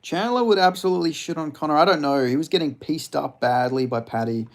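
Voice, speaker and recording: Streamer: a man with a creaky, gravelly voice, profane and rambling, reading chat aloud. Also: fairly high pitch, fast talker. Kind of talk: casual live-stream chat.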